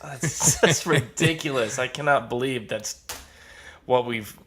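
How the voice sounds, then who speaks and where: A man's voice: medium pitch, unhurried, fairly bright tone, a little hiss or hum. A man hosting a podcast in his studio, asking questions in a jokey way, laughing a lot and slipping into playful impressions. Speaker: podcast host. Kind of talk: casual interview chat.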